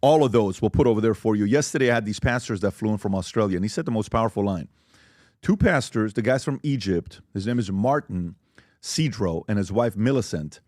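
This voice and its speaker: A man's voice: on the low side, animated, a little fast, darkish tone, no echo. Upbeat man hosting a dry-sounding podcast. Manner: upbeat, enthusiastic promoter. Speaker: podcast host. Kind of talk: casual podcast talk and promo.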